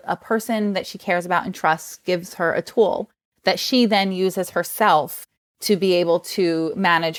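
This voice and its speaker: A woman with a New Jersey accent, a guest author talking in a casual interview, enthusiastic and quick to laugh. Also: on the low side, no room sound. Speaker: guest, children's book author.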